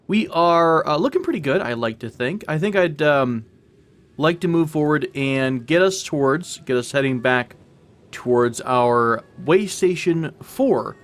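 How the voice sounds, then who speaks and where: A man talks through a video game for his viewers in a loose, joking way, addressing them like friends. His voice sits a little higher than most men's. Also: animated, unhurried. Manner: chatty and playful, joking to viewers. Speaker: let's play host. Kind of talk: casual gameplay commentary.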